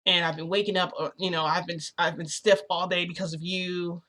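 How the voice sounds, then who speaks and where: A woman's voice: on the low side, flat delivery, brisk, fairly bright tone, lightly acted. A woman quoting a stern, accusing grown man hero in her own voice while telling a story.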